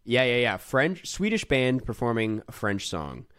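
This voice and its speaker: Lively casual man co-hosting a podcast. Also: medium pitch, a little slow, smooth, dry recording, clean studio sound. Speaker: podcast co-host. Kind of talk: casual chat.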